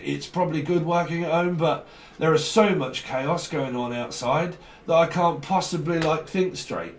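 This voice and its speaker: A man's voice: a little high, normal speed, reverberant, recorded from a distance, slight background noise. A man giving a casual, rambling tarot reading, full of slang and acting out little exchanges in different voices. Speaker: tarot reader.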